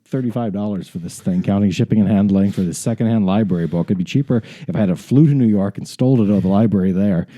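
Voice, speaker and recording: Low, dark-voiced Canadian man chatting. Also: fast, few pauses, dry recording. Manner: rambling, self-mocking, trails off quietly. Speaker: podcast host. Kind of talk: casual chat.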